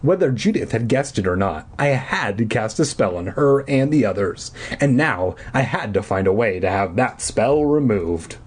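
Comedic reader: husky man, very lively pitch, deadpan asides. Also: moderate pace, hardly any pauses. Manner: deadpan crude asides between reading. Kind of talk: comedic audiobook reading.

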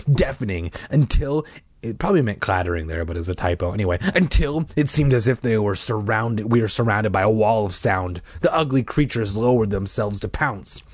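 A man reading a children's horror book aloud, dramatic, with shrieking high voices for the characters and offhand asides. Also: dry recording. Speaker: reader.

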